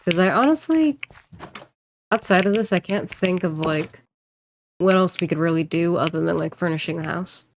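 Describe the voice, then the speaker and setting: A woman streamer and voice actor chatting casually while she plays, rambling and joking and quick to laugh. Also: on the low side. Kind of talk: casual livestream chat while gaming.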